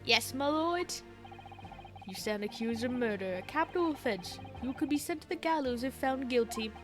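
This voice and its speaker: A woman voicing a stern elderly male judge in a courtroom game, speaking in a formal, grave, measured way. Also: high-pitched, animated, over music.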